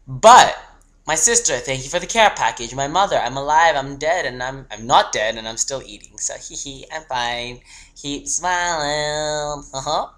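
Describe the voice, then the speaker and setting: This young man in his twenties rambles through a casual holiday video message with frequent giggles. His voice has a bright, forceful edge. His delivery stays loose and chatty, talking half to a toy. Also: mid-range voice. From Australia. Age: 20s. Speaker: vlogger.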